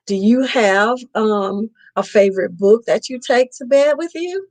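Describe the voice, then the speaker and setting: A woman's voice: on the high side, lively intonation, measured pace, darkish tone, low-quality recording. A woman host reading a picture book aloud to children on a live stream, playfully stopping to ask them questions.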